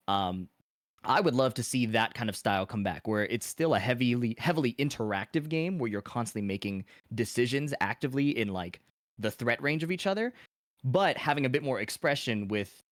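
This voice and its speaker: Thoughtful, measured male podcast guest. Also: mid-range voice, no room sound, clean studio sound. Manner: thoughtful, measured, restarts phrases. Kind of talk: casual analytical podcast talk.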